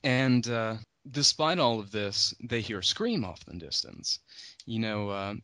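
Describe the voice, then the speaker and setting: A man hosting a podcast, casually retelling a book's story and acting out the characters' lines with a raised pitch. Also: big pitch swings, a little slow, bright, forceful tone, no echo. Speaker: podcast host.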